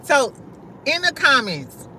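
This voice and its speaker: A young woman from St. Louis hosting a casual livestream, talking loud and slangy, swearing freely and laughing often as she answers her chat. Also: sits high, big pitch swings, slow pace, a little hiss or hum. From St. Louis, USA. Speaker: livestream host.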